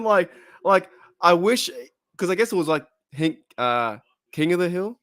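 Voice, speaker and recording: An Australian man talks loosely on a live stream, with a rambling, giggly delivery and many restarts. His voice sits somewhat high for a man. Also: big pitch swings, a little slow, a bit bright. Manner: giggly, rambling, breaks into laughter. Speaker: streamer hosting a football watch party. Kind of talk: casual live-stream chat.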